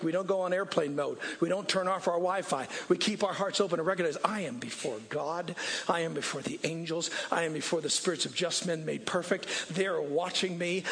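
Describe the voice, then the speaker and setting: A man preaching a sermon, swinging between shouted scripture quotes and soft, conversational asides. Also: high-pitched, vocal fry. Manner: animated preaching, rising to shouts when quoting scripture. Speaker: pastor.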